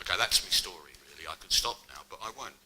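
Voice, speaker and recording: A man's voice: deep voice, animated, fast talker, bright, forceful tone, rough recording. A middle-aged man giving an academic public lecture, mixing scholarly narration with wry asides.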